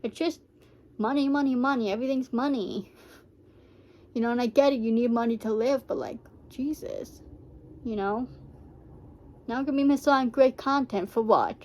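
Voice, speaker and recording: Woman, reaction vlogger, slightly high pitch, rambling and heartfelt casual commentary. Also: moderate pace, pauses often, dark tone. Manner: rambling and heartfelt, many fillers.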